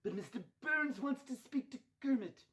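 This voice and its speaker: A man's voice: very high voice, animated, moderate pace, a bit bright, exaggerated voice. A man doing a scheming old cartoon tycoon. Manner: sinister, purring. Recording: dull lo-fi sound.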